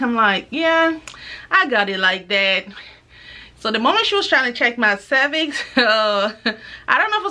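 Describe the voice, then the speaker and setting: A young woman vlogger tells a personal story in a slightly high voice. Her delivery is casual and animated, and she acts out the people she quotes.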